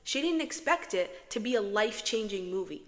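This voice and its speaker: With a strong echo effect on her voice, a young woman from Morocco chats to camera in a dramatic, self-talking vlog. She speaks at normal speed in a mid-range voice with lively intonation.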